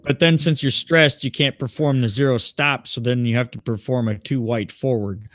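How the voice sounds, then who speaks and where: Relaxed man thinking aloud on a dry mic. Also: mid-range voice, moderate pace, no echo. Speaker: podcast co-host. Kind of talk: casual podcast discussion.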